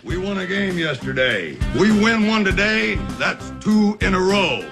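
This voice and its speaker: Guy hyping up his buddies, gravelly, music loud behind him. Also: sits high, lively intonation, measured pace, heavily acted. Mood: rousing. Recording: film clip with music behind.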